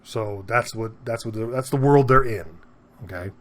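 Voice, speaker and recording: At a moderate pace, a vlogger rambles through a casual opinion piece to camera. He's animated, says "okay?" again and again, repeats himself, and his voice climbs in pitch whenever he gets heated.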